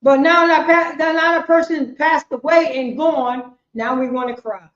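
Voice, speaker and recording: A woman leads a class in a high voice. She preaches emphatically and repeats herself, jumping between loud bursts and quiet asides. She sounds muffled and lo-fi, in an echoey room. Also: fairly even intonation, moderate pace. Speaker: class teacher.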